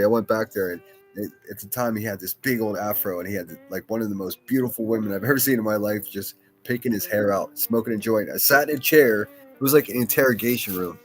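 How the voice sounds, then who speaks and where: A man's voice: lowish voice, brisk, faint music behind. Rambling, swearing man. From Pittsburgh, USA. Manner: rambling, profane, full of fillers and restarts. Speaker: solo podcast host. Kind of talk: casual rambling monologue.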